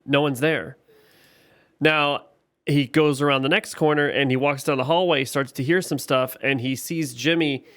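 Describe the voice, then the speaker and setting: A man co-hosting a podcast, recapping a TV episode scene by scene in casual chat, getting animated when he is frustrated. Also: mid-range voice, no room sound, studio quality. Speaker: podcast co-host.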